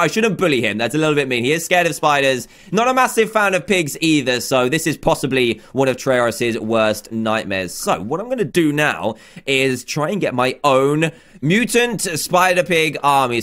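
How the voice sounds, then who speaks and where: A young man hosting a gaming channel, giving excitable commentary with frequent exclamations. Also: a little high. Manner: animated, exclaiming, laughing often.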